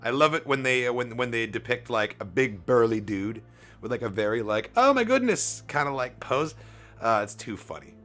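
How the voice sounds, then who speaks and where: A man casually commenting as he reads comics aloud on a stream, animated and quick to swear and laugh. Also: medium pitch, faint music behind.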